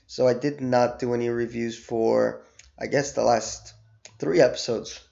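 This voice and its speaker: A man's voice: medium pitch, measured pace, vocal fry, muffled recording. A man giving a casual, emphatic spoken review while losing his voice after being sick. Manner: animated, emphatic, repeats words for stress. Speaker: show reviewer.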